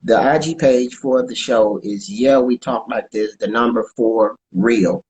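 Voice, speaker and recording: Halting, easygoing man. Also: medium pitch, a little mellow, low-quality recording. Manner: halting, repeats words, plugs his show. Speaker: comedian guest and podcast co-host. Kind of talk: casual interview chat.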